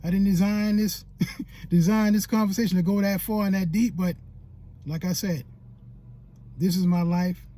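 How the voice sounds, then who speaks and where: A man's voice: high voice, fairly even intonation, normal speed, pauses often, warm tone. A man in a casual vlog telling a painful personal story, tearful, colloquial and repeating himself. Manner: colloquial, repetitive, heartfelt. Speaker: YouTube creator.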